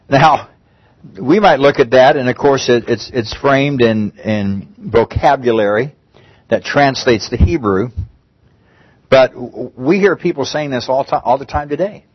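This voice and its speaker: A pastor with a slightly rough, mid-range voice preaches in a conversational manner. He often restarts phrases and lifts his voice when making emphatic pleas. The muffled, dull recording has no room sound.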